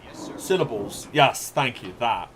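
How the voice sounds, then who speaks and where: Slow-talking young gamer. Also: male voice, mid-range voice, lively intonation, a bit bright, a little hiss or hum. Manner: joking, swears freely, talks to viewers. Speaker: gameplay streamer. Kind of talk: casual gaming commentary.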